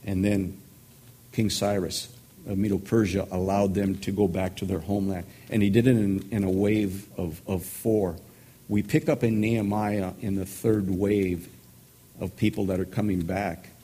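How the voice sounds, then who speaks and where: A man's voice: sits low, steady tone, normal speed, mellow, slightly rough. A man pastor teaching a sermon-style Bible study in an earnest, thoughtful way.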